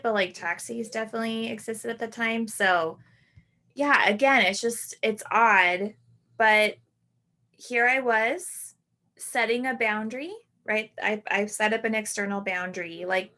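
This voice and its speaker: Slow, halting woman telling a personal story. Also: medium pitch, fairly even intonation, pushed and bright. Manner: halting, full of "like" and self-corrections. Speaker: podcast host.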